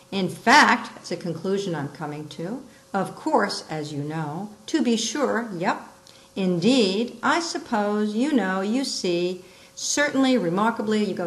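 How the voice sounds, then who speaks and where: A woman teaching rhetorical terms, explaining each one and acting out the examples with lively emphasis. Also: mid-range voice, normal speed, rough recording. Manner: explains with examples, acts out quoted lines expressively. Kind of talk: recorded lesson on rhetorical terms.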